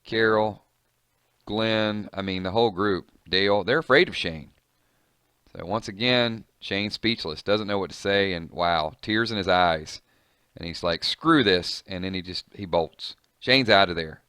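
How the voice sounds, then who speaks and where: Guy chatting through a comic, lowish voice, super dry close mic. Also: measured pace, sharp tone, clean tone, no echo. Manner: chatty, reactive, musing aloud with fillers. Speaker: comic reader and commentator. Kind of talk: casual comic reading with commentary.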